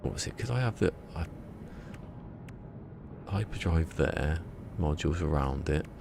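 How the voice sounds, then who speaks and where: A man's voice: rumbling low, lively intonation, unhurried, vocal fry, noisy background. A man streaming a game, rambling and muttering to himself in a casual chat. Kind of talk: casual gameplay livestream chat. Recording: game music in the background.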